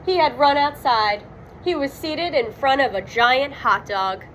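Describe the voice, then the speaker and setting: A woman reading a children's storybook aloud, expressive and dramatic on the sound words. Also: high-pitched, a little slow, a little hiss or hum, poor audio. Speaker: storybook reader. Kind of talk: children's read-aloud narration.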